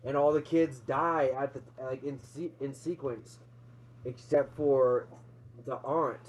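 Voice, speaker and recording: A man retelling a horror film's plot in a casual, excited, swear-heavy chat, laughing as he goes. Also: mid-range voice, slow. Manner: excited, profane, laughing storyteller. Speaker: co-host, movie reviewer. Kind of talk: casual movie review chat. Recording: dull lo-fi sound.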